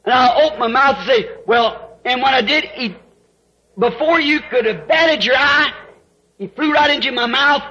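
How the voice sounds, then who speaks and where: High-voiced older preacher, lo-fi. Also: male voice, pushed and bright. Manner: folksy storytelling, rising to emotional outbursts. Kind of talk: sermon testimony. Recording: dull lo-fi sound.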